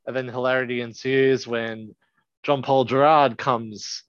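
A man's voice: medium pitch, steady tone, measured pace, clear, resonant tone, dry recording. A man in casual podcast chat, rambling and hesitant. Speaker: podcast co-host. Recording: dry dull lo-fi.

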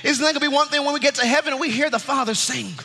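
A man preaching a sermon as pastor, exuberant and laughing, often shouting to the congregation. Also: very high-pitched, rapid-fire, gravelly, in a large hall. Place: church sanctuary.

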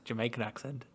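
A man's voice: medium pitch, pushed and bright, breathy edge. A man co-hosting a podcast, chatting casually about a book in a playful, teasing way. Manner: playful, teasing, laughs at his own jokes. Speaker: podcast co-host.

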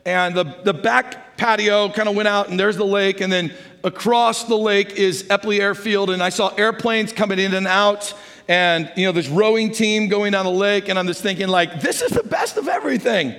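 A middle-aged pastor preaching from the stage with a notably high, light voice. He talks like he's chatting with his congregation, storytelling and then praying. The sound carries a long reverb from the big sanctuary. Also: fairly even intonation, normal speed, a bit bright, smooth. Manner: conversational storytelling, sliding into prayer. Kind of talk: sermon. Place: large church sanctuary. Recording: reverberant church hall.

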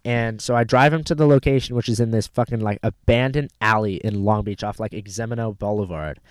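A man in casual chat, telling a rambling story full of swearing and animated retellings of what people said. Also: fairly low pitch, brisk, smooth, no room sound. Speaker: rideshare driver telling a story.

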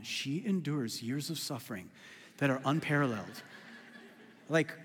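A male pastor with a drawl delivers a lively, joking sermon, often at his own expense. His voice sits high for a man, and a long hall reverb trails every phrase through the sanctuary. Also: breathy edge. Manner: animated, joking, self-deprecating. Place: church sanctuary.

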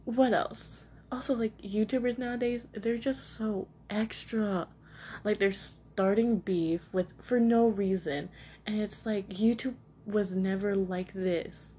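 A young woman hosts her own podcast from home with a cat beside her, chatting casually in a rambling, self-deprecating way packed with fillers. Her mid-range voice is mellow and fairly even in intonation, and she takes her time. There's a little hiss or hum in the background.

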